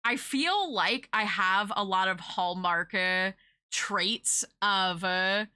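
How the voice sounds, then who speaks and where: A woman's voice: mid-range voice, slow, sharp tone, clean tone. A young woman with a Southern US accent touched by British vowels, chatting casually as a streamer, rambling with many fillers. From United States. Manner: chatty, rambling, full of filler words and laughs. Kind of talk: casual chat while drawing.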